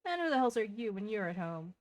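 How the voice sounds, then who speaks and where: A woman's voice: mid-range voice, big pitch swings, brisk, a little mellow, no room sound, natural voice, low-quality recording. A woman voicing a greedy, bullying male merchant who sneers and threatens in a game. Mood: sneering.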